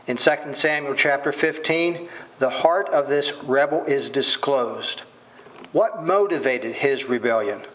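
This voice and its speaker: A man's voice: fairly high pitch, fairly bright tone, rough recording. A man preaching a sermon, asking rhetorical questions and voicing quoted lines dramatically.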